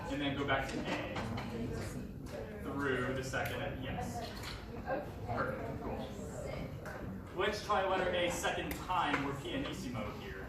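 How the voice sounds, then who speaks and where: A man leading a band rehearsal, giving encouraging instructions, counting the players in and singing their parts. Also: medium pitch. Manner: encouraging, counts in and sings passages. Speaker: band director. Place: large echoey rehearsal room. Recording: echoey room from far off, noisy.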